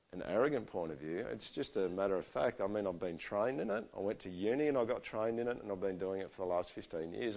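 A middle-aged man, preaching a sermon and telling stories in a conversational, animated way. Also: fairly low pitch.

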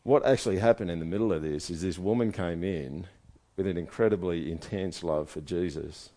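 A man's voice: low voice, brisk, dark tone. A man preaching a sermon in a conversational way, asking his listeners one rhetorical question after another. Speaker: pastor.

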